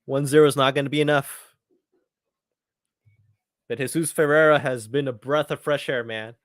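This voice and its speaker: A man with a medium-pitched, somewhat bright voice and fairly even intonation speaks at a moderate pace as host of a live football watchalong. He reacts eagerly, keeps things casual and often repeats himself. The sound is clean studio audio, dry.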